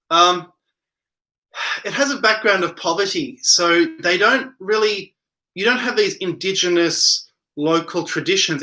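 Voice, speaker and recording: A man's voice: high voice, sharp tone. A man hosting a casual late-night livestream from home, reading viewer comments aloud and rambling in reply. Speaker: livestream host reading chat.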